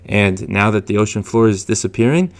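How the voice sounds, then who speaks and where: A man's voice: fairly low pitch, a little fast. A man hosting a fishing channel, giving a casual, chatty voice-over with chuckles and many fillers.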